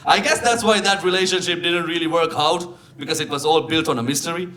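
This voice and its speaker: A young man with a Sri Lankan accent performing live stand-up comedy, telling animated stories and punching up the lines loudly. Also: fairly high pitch, fast talker. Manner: animated storytelling, shifting into loud exclaiming punchlines. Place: comedy club stage with live audience. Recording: live show with crowd laughter. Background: audience laughing.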